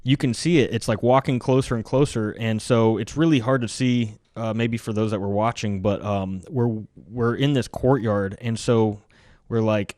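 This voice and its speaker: A man's voice: mid-range voice, fairly even intonation, normal speed, darkish tone, no echo, studio quality. An American man and military veteran, telling war stories in a casual, rambling way full of fillers. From United States. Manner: rambling, lots of fillers like "like", laughs through stories. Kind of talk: casual podcast storytelling.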